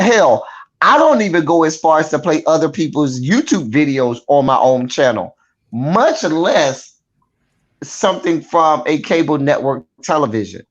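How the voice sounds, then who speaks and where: Emphatic man on a lo-fi video call. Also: a little high. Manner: emphatic, repeats points for stress. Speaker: YouTube commentator on a panel. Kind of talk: casual critical panel discussion.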